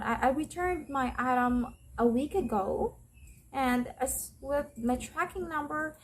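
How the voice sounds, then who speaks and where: Brief: a woman doing an exasperated customer on a support call, higher-pitched and pleading. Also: a little mellow. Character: frustrated female customer awaiting a refund.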